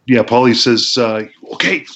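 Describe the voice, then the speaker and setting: A man's voice: low-pitched, fairly even intonation, normal speed, a bit bright. A former pro wrestler talking as an interview guest, laid-back, laughing as he recalls stories, with many fillers. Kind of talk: casual interview storytelling. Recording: muffled lo-fi audio.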